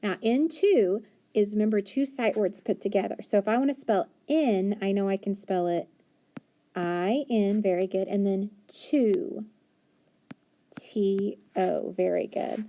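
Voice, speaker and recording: A woman teaching a phonics lesson to young children, patient and encouraging, sounding out letters and words slowly. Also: mid-range voice, warm tone.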